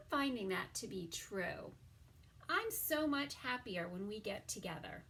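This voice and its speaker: A woman teaching a toddler circle-time lesson, drawing out words slowly and often dropping into a soft whisper. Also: medium pitch, expressive, slightly rough. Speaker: preschool teacher.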